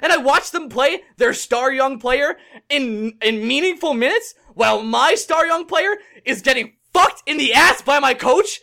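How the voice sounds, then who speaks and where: A man's voice: very high-pitched, expressive, unhurried, creaky. A young man from New hosting a podcast, ranting angrily and swearing in casual chat. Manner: angry, yelling, swearing rant. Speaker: podcast host.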